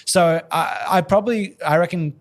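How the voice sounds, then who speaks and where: A man co-hosting a casual podcast, talking in a chatty, relaxed way with lots of "kind of" fillers. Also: high voice, normal speed. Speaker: podcast co-host.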